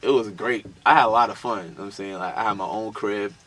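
Low-voiced man telling loose stories. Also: quick pace, a bit bright. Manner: loose, laughing storytelling with slang. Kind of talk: casual chat.

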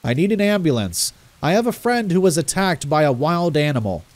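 Man reading a steady young counselor, soothing, brisk. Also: on the high side, dry recording, pitched above the performer's own voice. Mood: reassuring. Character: calm, reassuring young male camp counselor.

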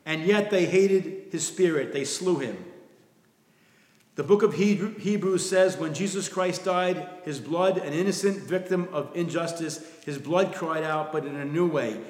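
A man preaching a sermon in an earnest, soft-spoken way, often dropping to quiet emphasis. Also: high-pitched. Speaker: pastor. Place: church sanctuary. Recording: echoey room with long reverb.

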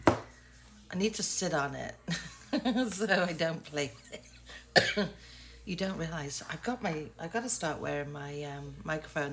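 Speaking to her vlog camera, a woman from England in her sixties chats in a rambling, self-deprecating way. Her voice is on the low side and creaky.

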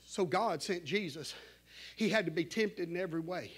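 Male preacher, very high voice, fervent, shouts then drops to a hush. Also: normal speed, slightly rough. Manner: fervent, swinging between shouting and hushed asides. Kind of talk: sermon.

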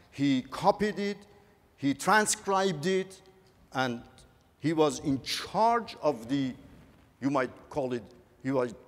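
A man giving a conference talk, halting and earnest, often repeating words as he goes. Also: fairly high pitch. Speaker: conference speaker. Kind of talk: lecture on religious history. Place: large conference hall. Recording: echoey conference hall.

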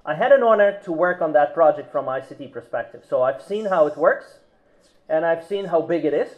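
A man delivering a formal speech at a business forum in a hotel ballroom, hesitant, with restarts and measured emphasis. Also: on the high side, expressive. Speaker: conference speaker. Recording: tinny phone-like recording.

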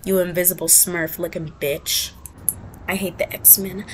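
A woman's voice: on the low side, slow, background noise. A woman giving gameplay commentary, trash-talking opponents in a brash, profane and dramatic way. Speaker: gaming video creator.

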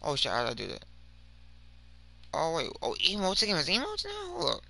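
A young man giving slangy, rambling commentary over his game, swinging from mumbles to shouts. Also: on the high side, wildly swooping pitch, a little fast, gravelly. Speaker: gaming video creator. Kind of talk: casual gameplay commentary.

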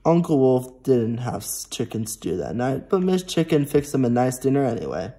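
A teenage boy reading a picture book aloud to preschool children, gently and slowly. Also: medium pitch, very animated, slightly rough. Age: teens. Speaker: storybook reader.

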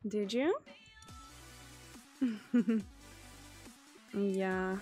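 A woman's voice: medium pitch, drawn-out words, dark tone, soft background music. A woman streamer in casual chat with her viewers. She is chatty, swears often and trails off with fillers.

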